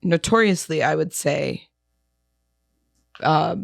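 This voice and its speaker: A woman's voice: low voice, lively intonation, takes it slowly, creaky, dry recording, studio quality. A young woman co-hosting a podcast in a laid-back casual chat, laughing often and using many fillers. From New York area. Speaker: podcast co-host.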